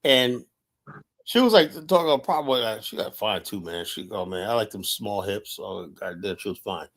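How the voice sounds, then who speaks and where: Animated, rambling podcast host man. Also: lowish voice, normal speed. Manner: rambling, animated storytelling with swearing. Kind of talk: casual chat.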